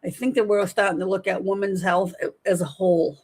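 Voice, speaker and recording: A middle-aged woman hosting a casual livestream, chatting and reading viewer comments aloud in a lively, talkative way. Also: mid-range voice, a little fast, husky. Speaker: livestream host.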